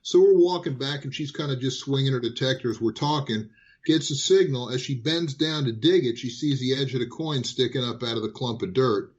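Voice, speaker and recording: A man recounting his finds in a relaxed, animated way, often tripping over his own openings. His voice sits in a middle register. The sound is dull and lo-fi. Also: mid-range voice, fairly quick. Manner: animated, repeats and restarts phrases. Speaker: guest. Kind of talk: casual storytelling.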